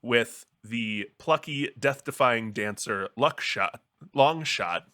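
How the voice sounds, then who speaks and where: A man joking around as a podcast panelist, playful while pitching ideas in casual chat. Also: expressive, slow pace, pushed and bright.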